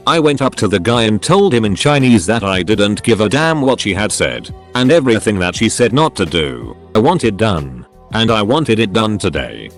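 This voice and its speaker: A man narrates short comic stories in a scripted read. His voice sits fairly low but swings widely and animatedly in pitch. Soft music plays faintly underneath. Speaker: storyteller reading listener stories.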